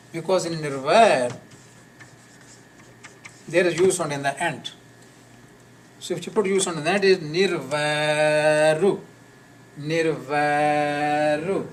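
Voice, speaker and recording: A man teaching a live class on pronunciation, slowly repeating words and sounds for his students. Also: fairly high pitch. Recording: distant mic with faint noise.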